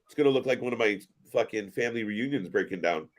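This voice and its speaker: Male stream co-host, lively up-and-down delivery, jokey and profane. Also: on the low side, fast talker. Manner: joking, laughs often, swears freely. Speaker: co-host of a wrestling watch-along stream. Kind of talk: casual live-stream commentary.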